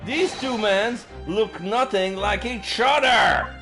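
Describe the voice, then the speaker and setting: An earnest young lawyer protests in a flustered, exasperated way, as a man voices him a bit higher than his own voice. Game music runs underneath. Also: sing-song, moderate pace. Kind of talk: reading game dialogue aloud on a live stream.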